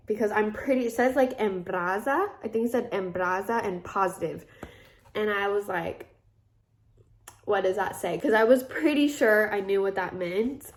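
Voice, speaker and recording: A woman in her twenties casually telling a personal story, chatty and full of fillers, acting out the lines of the people in it. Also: medium pitch. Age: 20s. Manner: chatty, filler-heavy retelling with many quoted asides. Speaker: vlogger.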